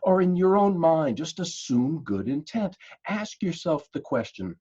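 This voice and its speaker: A man giving a folksy, animated coaching talk on conflict, speaking straight to his listeners and calling them folks. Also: a little high, unhurried, husky, dull audio. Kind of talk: motivational coaching talk to camera.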